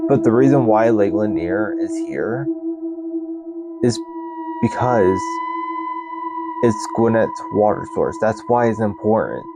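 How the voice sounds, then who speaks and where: Slow, low-voiced man over loud music. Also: lively intonation. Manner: halting, stumbles and restarts, repeats "that's insane". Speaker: channel host. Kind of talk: casual unscripted storytelling and reading aloud. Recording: loud music bed under voice.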